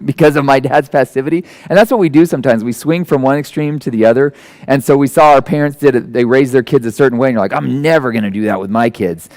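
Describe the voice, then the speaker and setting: A man in his forties giving a conversational sermon, animated and self-deprecating, acting out the people he quotes. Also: on the high side. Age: 40s. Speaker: guest preacher.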